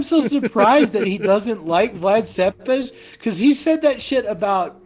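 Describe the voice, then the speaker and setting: A man co-hosting a podcast in casual chat, excitable and profane, laughing often and tripping over his words. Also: sits high, slow pace. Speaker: podcast co-host.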